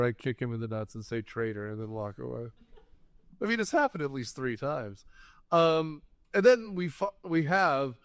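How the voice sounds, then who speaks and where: Podcast co-host, male, fairly high voice, close dry mic, rambling jokey recaps. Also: no room sound. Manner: animated, joking, rambling recaps. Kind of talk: casual movie-review chat.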